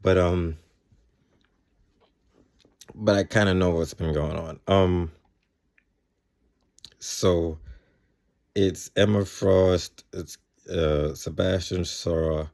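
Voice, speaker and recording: Man, deep voice, mellow tone, casual episode review, rambling, self-correcting. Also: fairly even intonation, very slow, gravelly, pauses often. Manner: rambling, often correcting himself mid-sentence; quotes characters in his plain voice.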